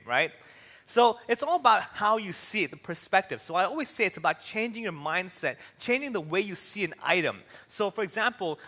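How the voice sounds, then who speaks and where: Man, stand-up comedian, lively storytelling, slightly high voice, bright tone, long hall reverb. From Hong Kong. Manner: animated, acts out little voices in his stories. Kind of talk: stand-up talk on stage. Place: large hall with an audience. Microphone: handheld stage mic.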